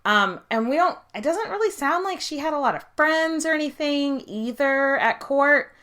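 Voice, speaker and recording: A woman's voice: high voice, animated, moderate pace, bright, forceful tone. A woman co-hosting a podcast, adding wry, sarcastic commentary to a history story. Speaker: podcast co-host. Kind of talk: casual chat.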